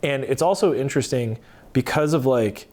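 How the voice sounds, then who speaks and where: A man talking as a podcast guest, telling animated stories in casual, profane conversation. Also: medium pitch, moderate pace.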